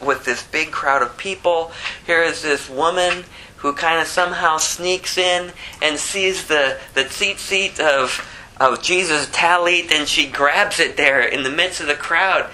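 Male preacher, chatty, animated, sermon storytelling, very bright tone, faint noise. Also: fairly high pitch, rough recording. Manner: animated, chatty, laughs often.

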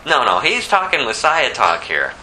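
Male pastor, fervent sermon, bright tone, lively pitch, faint background noise. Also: moderate pace, low-quality recording. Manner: animated, fervent, rises to near shouting. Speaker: preacher.

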